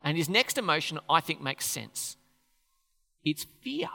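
A man's voice: on the high side, sing-song, a little slow, vocal fry, bright, forceful tone. A man preaching a sermon in a church hall, talking conversationally and posing questions to the congregation. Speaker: pastor. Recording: echoey hall reverb.

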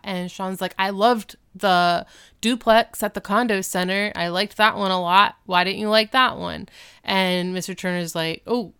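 Woman recapping a show, smooth clear voice, giggly, acts out the lines. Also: medium pitch, unhurried, fairly bright tone. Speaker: podcast co-host. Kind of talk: casual chat recapping a TV episode.

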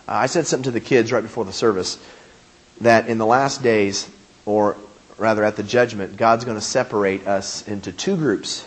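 A man's voice: lowish voice, steady tone, normal speed, breathy edge. A man preaching a sermon as pastor, speaking emphatically with repeated phrases and questions to his congregation.

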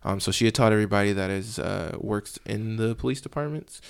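Low gravelly man telling stories. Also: brisk, no room sound. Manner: animated, acts out voices in his stories. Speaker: police officer guest. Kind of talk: casual podcast storytelling.

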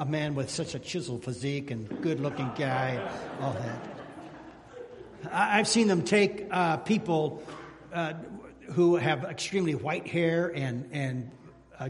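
Pastor, man, high-pitched voice, lively preaching style, big reverberant sanctuary. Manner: animated preaching, calls out to the congregation. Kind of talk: sermon. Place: church sanctuary.

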